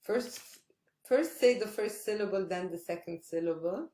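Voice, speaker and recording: A woman teaching Arabic pronunciation in an online lesson, patiently repeating sounds slowly for practice. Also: mid-range voice, dark tone. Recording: roomy echo.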